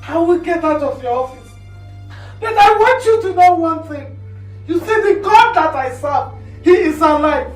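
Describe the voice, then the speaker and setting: A wailing bereaved widow. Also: female voice, extremely high pitch, expressive, normal speed. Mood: accusing. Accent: Nigerian. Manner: wailing, accusing, sobbing. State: crying. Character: grieving village widow, anguished, accusing. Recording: echoey room, mic far off. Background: faint music.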